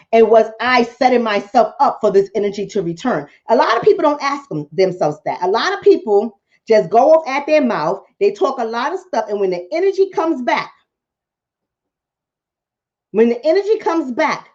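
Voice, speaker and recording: A woman's voice: on the high side, highs cut off. A woman vlogger and coach giving impassioned commentary to her viewers, preaching, repeating lines for emphasis and calling them family.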